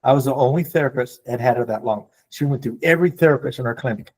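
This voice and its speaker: An older man speaking to a support group, telling stories in an animated way and acting out the voices of the people in them. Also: medium pitch, quick pace, breathy edge. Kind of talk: storytelling talk to a group.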